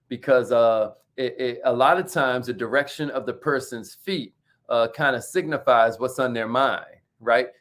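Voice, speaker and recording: A man hosting a motivational talk, lively and emphatic, calling out to his audience like a preacher and repeating his key points. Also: a little high. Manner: preacher-like call-and-response with the audience. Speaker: motivational host.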